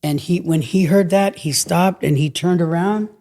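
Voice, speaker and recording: Middle-aged woman, gravelly low-key voice, acts out the quotes as she tells it. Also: moderate pace. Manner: animated storyteller acting out quotes. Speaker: guest, longshore worker. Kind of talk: casual storytelling.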